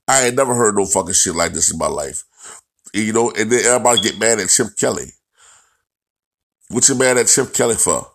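A man's voice: lowish voice, fairly quick, gravelly, long pauses, a bit bright. Profane, ranting man. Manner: blunt, profane, repetitive, ranting. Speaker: football commentator. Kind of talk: profane sports rant.

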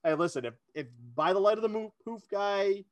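A man's voice: high voice, fairly quick, no room sound. A man co-hosting a casual chat, telling a long self-deprecating story with lots of energy. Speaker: podcast co-host.

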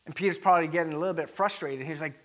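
A man preaching a sermon as pastor, animated and acting out the quoted voices with rising emphasis. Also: on the high side, racing.

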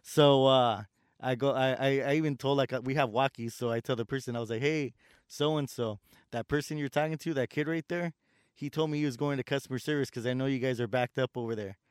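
A man chats casually, venting about customers at his store job and playing out their lines. His voice is smooth and resonant at a middle pitch. The sound is dry and close. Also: fairly even intonation, brisk, dry recording. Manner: ranting storyteller, swears, acts out customers. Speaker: store door greeter in customer service. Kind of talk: casual chat.

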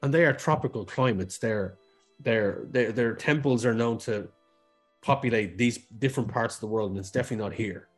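A man's voice: mid-range voice, a little fast, soft background music. A man narrating as game master in a casual way, with restarts and the odd swear word.

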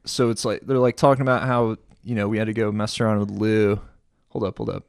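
A young man telling a war story in casual chat, animated, laughing often and saying "dude" a lot. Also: fairly low pitch, brisk, vocal fry, no room sound, studio quality. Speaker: guest, former soldier.

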